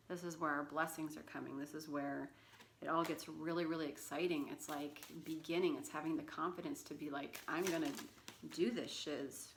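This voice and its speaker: A woman's voice: deep voice, gravelly, fairly bright tone, a little hiss or hum. A woman giving a casual tarot reading, chatty and rambling, with plenty of fillers and asides. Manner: talks baby talk to her cat. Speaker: tarot reader.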